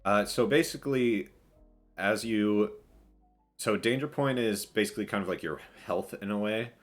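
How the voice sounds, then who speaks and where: Low-voiced man running a tabletop game. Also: moderate pace, faint music behind. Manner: loose, filler-heavy narration. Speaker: game master.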